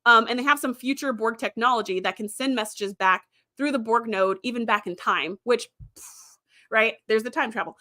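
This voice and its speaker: A woman's voice: a little high, moderate pace, sharp tone. A woman host recapping episodes in a chatty way, with fillers and quoted lines acted out. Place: streaming setup.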